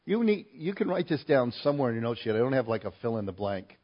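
Guy preaching a sermon, gets loud and punchy on the big points, kinda dull lo-fi sound. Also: medium pitch, sing-song, fast talker. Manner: emphatic, rising loud on key points. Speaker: pastor.

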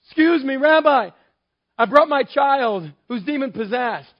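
A man's voice: extremely high pitch, expressive, measured pace, muffled recording, pitched above the performer's own voice. A preacher doing a pushy pleading man. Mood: urgent pleading. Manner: loud, pleading, eager. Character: pushy grown man interrupting a teacher.

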